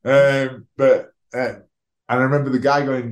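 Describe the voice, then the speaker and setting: This medium-pitched man talks at a normal speed as a podcast guest, a rugby league player recounting his own life. He's frank, self-deprecating, and swears freely in candid conversational storytelling, with a roomy echo on the recording.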